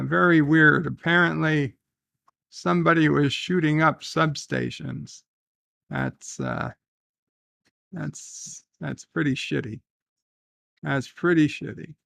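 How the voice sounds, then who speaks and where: Male streamer, fairly high voice with a dry close sound, rambling casual chat. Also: vocal fry, no echo. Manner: rambling, reads chat aloud, thinks out loud. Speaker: live stream host. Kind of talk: casual livestream chat reading viewer comments.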